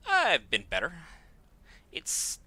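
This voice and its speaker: A man's voice: a little high, wildly swooping pitch, slow, pushed and bright, breathy edge. A man giving casual gameplay commentary as host of a gaming channel, joking and offhand, often talking to himself.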